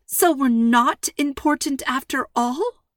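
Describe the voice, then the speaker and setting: A woman reading aloud, voicing a high-strung middle-aged mother who worries about her family's safety. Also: slow pace, fairly bright tone, no room sound, clean studio sound. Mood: exasperated.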